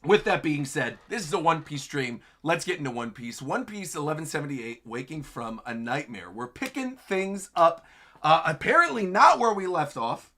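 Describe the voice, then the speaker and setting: A man with a fairly high, bright voice hosts a live reaction stream. His pitch swings widely as he chats with enthusiasm and laughs easily. He comments on each page as he reads it aloud. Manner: enthusiastic, chatty, laughs often. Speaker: livestream host reacting to manga chapters.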